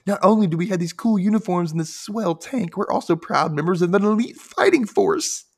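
A man's voice: high-pitched, animated, brisk, husky, pitched above the performer's own voice, full character voice. A man voicing a cocky male cartoon dog, boastful and overexcited, in a recap. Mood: proud.

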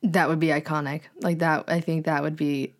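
Young woman, lower voice, casual podcast co-host, chatty, laughs a lot. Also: little pitch movement, normal speed. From American South. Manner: chatty, laughs often, trails off and restarts. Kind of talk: casual chat.

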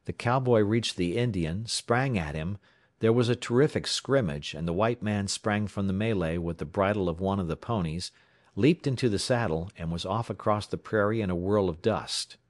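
Deep-voiced male audiobook narrator. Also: moderate pace, no echo, studio quality.

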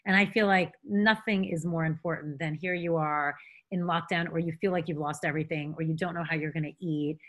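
A woman's voice: deep voice, steady tone, brisk. A woman hosting a podcast, asking earnest, reflective questions. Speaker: podcast host. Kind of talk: casual podcast interview.

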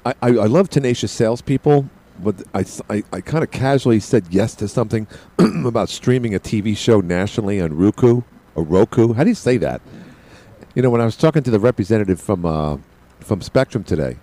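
A man's voice: lowish voice, lively intonation, brisk, mellow. A middle-aged man hosting a call-in radio show, rambling along and often stammering and repeating his words. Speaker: radio talk show host.

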